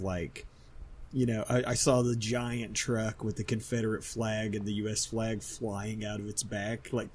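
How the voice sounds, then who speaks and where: This is a man with a slight Southern accent and a husky, breathy voice at an ordinary pitch. He co-hosts a casual podcast chat, ranting loosely, swearing and laughing a lot. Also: darkish tone. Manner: ranting, profane, laughs often. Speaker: podcast co-host.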